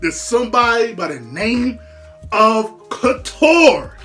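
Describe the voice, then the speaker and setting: A host giving casual reaction commentary in an animated way, laughing often, repeating words and using heavy slang. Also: medium pitch, slow, faint music behind.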